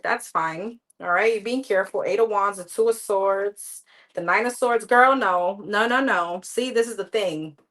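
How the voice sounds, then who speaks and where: A woman's voice: mid-range voice, a bit bright, low-quality recording. A woman giving live tarot readings in a candid, chatty way, talking straight to her viewers. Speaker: tarot reader.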